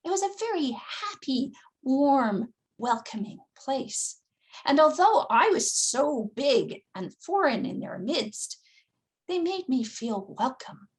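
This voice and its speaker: A woman from Newfoundland telling a fairy tale to children, expressive and dramatic, with gasps and hushed asides. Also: sits high, slow pace. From Newfoundland, Canada. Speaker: storyteller. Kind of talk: oral storytelling for children.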